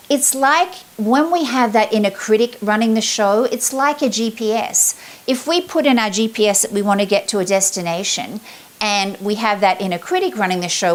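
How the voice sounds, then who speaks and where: A middle-aged woman, giving a chatty, upbeat motivational talk as a sales confidence coach. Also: medium pitch. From Australia. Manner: upbeat, chatty, acts out her examples.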